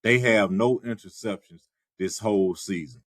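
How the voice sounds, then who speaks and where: A man co-hosting a sports podcast in casual chat, measured and dryly sarcastic. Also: lowish voice, dry recording, studio quality. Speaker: podcast co-host.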